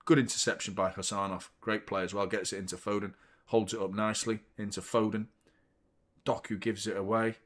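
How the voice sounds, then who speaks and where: A man's voice: fairly low pitch, level tone, fairly quick. A young man hosting a live football watchalong, chatting casually with viewers and swearing freely between bursts of match commentary. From United Kingdom. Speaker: football fan channel host.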